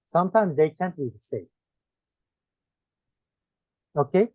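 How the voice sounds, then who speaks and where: A man with a Turkish accent, whose first language is Turkish, teaching English one-on-one and listing words one by one with pauses. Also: a little high, expressive, darkish tone, no echo. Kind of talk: one-on-one lesson. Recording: dry tinny phone-like sound.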